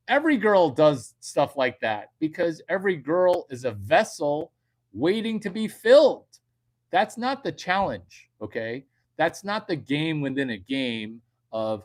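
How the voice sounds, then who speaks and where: A man's voice: a little high, very animated, measured pace. A man, a comedian, giving a crude, rambling comedic monologue to online viewers and repeating his punchlines. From United States.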